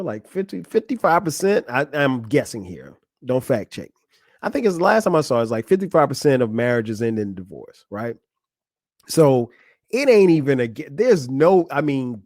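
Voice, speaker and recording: A man's voice: mid-range voice, darkish tone, no echo, clean studio sound. A man in his forties hosting a podcast, talking casually and frankly about marriage, laughing often and speaking straight to a friend. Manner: conversational, laughing often, addressing a friend directly. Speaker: podcast host. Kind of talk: casual advice monologue.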